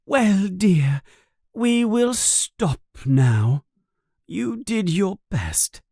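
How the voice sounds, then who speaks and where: A storyteller voicing an eccentric older female seer teacher who talks in an airy, fussy way and booms in a trance. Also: big pitch swings, drawn-out words, dark tone, no room sound, clean studio sound, heavily acted. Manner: airy and fussy, then booming trance prophecy.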